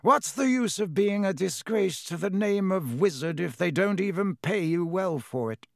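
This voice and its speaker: A man voicing a sneering aristocratic older wizard with a slow, contemptuous drawl. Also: high-pitched, animated, vocal fry, dry recording, clean studio sound, pitched above the performer's own voice.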